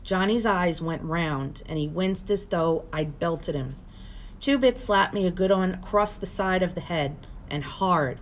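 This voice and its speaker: Woman, teacher, reading a novel aloud, lowish voice, steady plain storytelling. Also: a little slow, a little hiss or hum.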